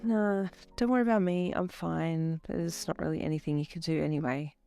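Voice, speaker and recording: A woman's voice: medium pitch, lively intonation, normal speed, pitched above the performer's own voice, natural voice. A woman reading as a sulky lovesick young woman. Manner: sulky, huffy, pleading. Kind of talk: fan fiction audio reading.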